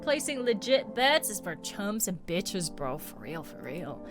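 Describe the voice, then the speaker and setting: A woman's voice: mid-range voice, very animated, measured pace. A woman voicing a crude, boastful male gambler who swaggers and calls everyone bro. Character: brash loudmouth male gambler, boastful swindler. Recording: game music behind.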